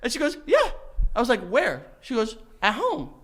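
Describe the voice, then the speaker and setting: A man's voice: very high-pitched, huge pitch swings, normal speed, a bit bright, slight background noise. A man in his thirties co-hosting a podcast, telling comedic stories, acting out quotes and laughing through them. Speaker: podcast co-host. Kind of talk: animated comedic storytelling.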